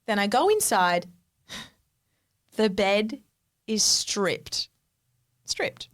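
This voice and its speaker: A woman co-hosting a podcast, telling a story in casual chat, animated and swearing freely. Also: mid-range voice, very slow. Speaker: podcast co-host.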